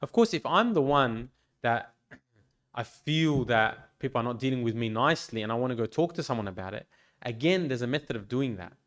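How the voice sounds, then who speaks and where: A man, a priest, giving an informal pastoral talk to a youth group in a gentle, reflective way, with frequent restarts and fillers. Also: medium pitch, expressive, fairly quick. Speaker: priest leading a youth meeting. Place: church hall.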